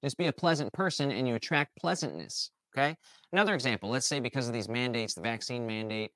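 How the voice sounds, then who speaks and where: A man hosting a motivational talk, animated and acting out imagined people's lines. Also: medium pitch, fast talker, no room sound. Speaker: host.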